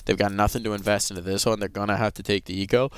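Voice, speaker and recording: Energetic male esports caster. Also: fairly low pitch, rapid-fire, clean tone. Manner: energetic play-by-play, rising with the action. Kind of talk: live esports commentary. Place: live event broadcast booth.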